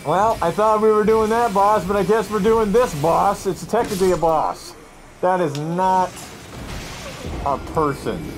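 A young man giving casual let's-play commentary, excitable and talking to himself as he yells at the game. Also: high voice, unhurried, soft background music. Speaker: gameplay commentator.

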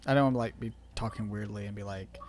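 A man's voice: lowish voice, quick pace, darkish tone. A man streaming a game, chatting casually and rambling with lots of filler words. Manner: rambling, many "like" fillers, laughs often. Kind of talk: casual gaming stream chat.

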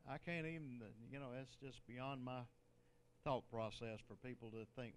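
A man's voice: mid-range voice, moderate pace, a little hiss or hum. An older man, a bishop, preaching a sermon in a conversational way, with joking asides and laughter.

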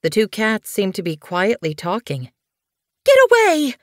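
A woman narrates a children's animal novel in a clear, measured way. Her voice sits low for a woman. The studio sound is close and dry. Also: dry recording. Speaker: audiobook narrator. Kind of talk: scripted audiobook narration.

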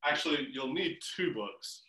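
A man's voice: medium pitch, animated, moderate pace, sharp tone, poor audio. A man coaching a swim team through a home workout on a video call, giving chatty, encouraging instructions with fillers.

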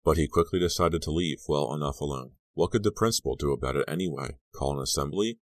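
Super deep guy reading an audiobook, steady, dry close mic. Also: fast, dry recording. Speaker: audiobook narrator. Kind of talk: scripted narration.

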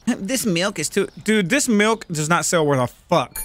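A man's voice: high-pitched, animated, unhurried, a bit bright. A man giving casual, profane let's-play commentary, joking and bantering with the shoppers in a store game. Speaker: gaming channel host.

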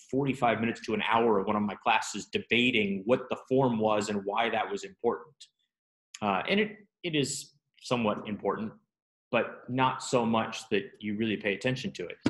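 Low-voiced man teaching in an echoey room. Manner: relaxed, self-deprecating, asks students questions. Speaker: Biblical Hebrew teacher. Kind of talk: classroom lesson.

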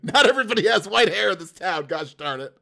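A man chats casually as game master on a livestream, building characters with dice, animated and laughing often. His voice is high and creaky, and he talks fast.

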